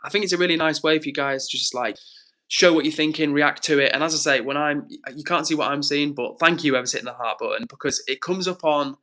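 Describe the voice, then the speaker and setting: A chatty man hosts a live stream, his voice bright and forward. He sits a little above the usual pitch for a man and keeps things upbeat while answering his viewers. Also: quick pace. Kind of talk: casual live-stream chat.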